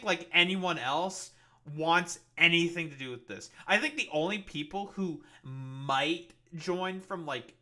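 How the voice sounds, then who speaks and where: A man's voice: a little high, bright, forceful tone. A man streaming, reacting to a video in rambling, profane, sarcastic casual commentary. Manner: halting, with many fillers and restarts.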